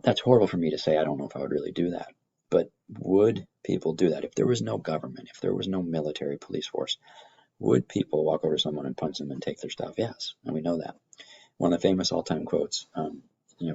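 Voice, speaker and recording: A middle-aged man teaching a high school government class, rambling through explanations and stories with many fillers and restarts. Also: gravelly, darkish tone, husky, lo-fi sound. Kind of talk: classroom lecture.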